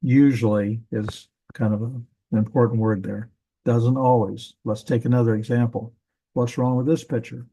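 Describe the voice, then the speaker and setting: Mellow-voiced man teaching Hebrew grammar. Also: mid-range voice, fairly even intonation, normal speed, husky, low-quality recording. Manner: casual, thinking aloud with self-corrections. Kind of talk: classroom grammar lesson.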